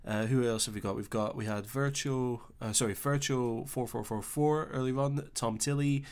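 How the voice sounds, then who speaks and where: A young man with a Scottish accent hosting a casual live stream, chatting easily and reading out viewer comments with relaxed filler pauses. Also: mid-range voice. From Scotland. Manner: chatty and easygoing, thinking aloud with filler pauses.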